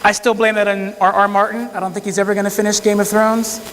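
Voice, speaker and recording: A man's voice: high-pitched, little pitch movement, fast talker, a bit bright. A man telling a courtroom story to an audience in a conversational way, acting out the dialogue. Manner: conversational, quotes people in dialogue. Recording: long hall reverb.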